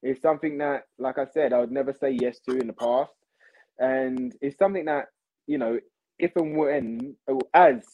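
A man chatting as a podcast guest, animated and repeating himself, calling people mate and bro. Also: mid-range voice, phone-quality sound. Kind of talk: casual chat.

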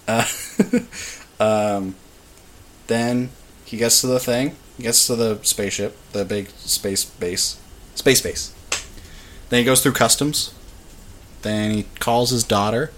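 A man's voice: mid-range voice, takes it slowly, pauses often, a bit bright, slight background noise. A young man co-hosting a podcast, rambling and joking through a casual movie recap with lots of fillers. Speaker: podcast co-host. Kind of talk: casual chat recapping a film. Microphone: podcast mic.

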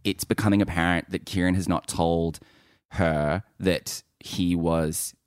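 A man co-hosting a podcast, recapping a reality show in casual, jokey chat with quick asides. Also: sits low, fairly even intonation, clear, resonant tone, no echo, studio quality. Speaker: podcast co-host.

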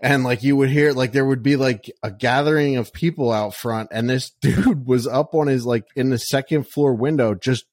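A man's voice: mid-range voice, normal speed, few pauses, darkish tone, dry recording. A man co-hosting a podcast in casual chat, rambling with plenty of fillers and swearing. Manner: rambling, profane, lots of "like". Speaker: podcast co-host.

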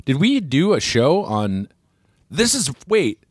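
A man's voice: on the high side, very animated, slow pace, husky, dry recording, clean studio sound. A man co-hosting a casual remote podcast, reading listener emails aloud and joking around. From Los Angeles area. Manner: jokey, reads emails aloud with bursts of laughter.

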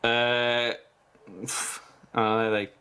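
A man's voice: medium pitch, flat delivery, extremely slow, pushed and bright, clear, resonant tone. A man co-hosting a casual comedy chat, teasing and swearing through playful banter.

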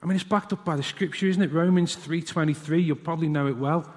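A man's voice: on the high side, fast, hardly any pauses, in a large hall. A man preaching a sermon and telling a personal story, sometimes acting out his young son's questions. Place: church hall.

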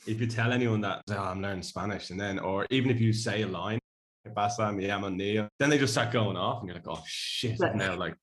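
Deep-voiced Irish man telling stories. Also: fast talker. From Ireland. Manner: rambling storyteller, laughs often. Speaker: podcast co-host. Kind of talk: casual chat.

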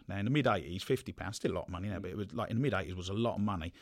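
A man from telling football stories in a relaxed, chatty way, laughing often. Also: low-pitched, very fast, hardly any pauses, no echo, clean studio sound. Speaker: podcast guest, former footballer. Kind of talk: casual anecdote telling.

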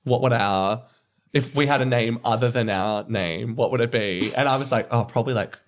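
A young man hosting a podcast, animated and self-mocking, with quick laughs. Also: mid-range voice, a little hiss or hum. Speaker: podcast host. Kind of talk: casual chat.

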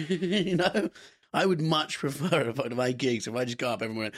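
A young British man co-hosting a comedy podcast, laughing often and bantering quickly. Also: medium pitch, steady tone, husky, no echo, studio quality. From Britain. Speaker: podcast co-host. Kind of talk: comedic casual chat.

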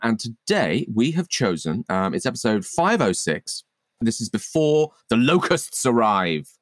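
A man's voice: mid-range voice, very animated, measured pace, no echo, clean studio sound. A man co-hosting a comic podcast, making playful, mock-grand introductions. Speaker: podcast co-host.

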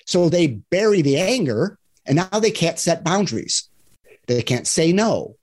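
A man's voice: on the high side, very animated, measured pace, a little mellow. A man who works as a divorce and love coach, talking earnestly in a casual podcast conversation, often checking in with "right?". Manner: earnest, explanatory, acts out examples in other voices; frequent "right?" tag questions.

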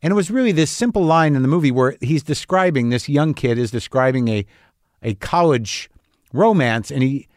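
A man's voice: medium pitch, expressive, moderate pace, no echo. Candid rambling middle-aged man, dry sound. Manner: rambling, candid, profane, self-deprecating. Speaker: podcast host. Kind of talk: casual monologue.

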